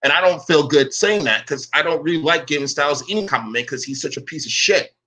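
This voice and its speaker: A man's voice: on the high side, fast, sharp tone. A man in a profane, confrontational rant to camera. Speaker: online commentator.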